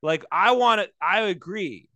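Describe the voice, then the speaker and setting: A man's voice: sits high, animated, measured pace, pushed and bright, dry recording. A man chatting casually as a comedian co-host, acting out quotes in different voices and swearing freely. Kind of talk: casual podcast chat.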